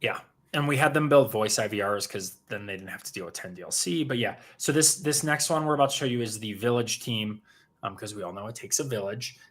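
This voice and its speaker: A man's voice: lowish voice, brisk. A man co-hosting a livestream in casual chat, rambling and restarting his sentences. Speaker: co-host.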